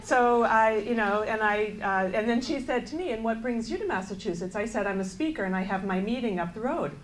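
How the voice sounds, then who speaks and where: A woman's voice: mid-range voice, fairly quick, a little hiss or hum, low-quality recording. A woman from the United States giving a keynote speech, telling a story with wry, self-mocking asides and quoting her own thoughts. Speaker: keynote speaker. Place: event hall.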